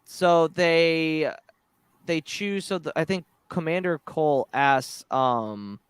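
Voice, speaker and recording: A man hosting a podcast, chatting casually and excitedly, with many fillers and restarts. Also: fairly high pitch, slow, a little hiss or hum. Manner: excited, retells scenes with filler-heavy restarts. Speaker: podcast host. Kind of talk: casual chat.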